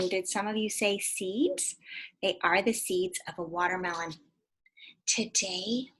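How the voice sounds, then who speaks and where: A woman teacher giving a read-aloud lesson to young children, animated and full of questions, sometimes dropping to a whisper. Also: medium pitch, moderate pace, husky.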